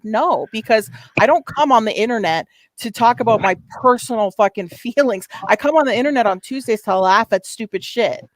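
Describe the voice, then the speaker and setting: A woman chatting bluntly on a livestream panel. She swears freely and gets excited when she talks. Her voice sits at an ordinary middle pitch. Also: brisk, few pauses, rough recording. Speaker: panel guest. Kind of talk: casual livestream panel chat.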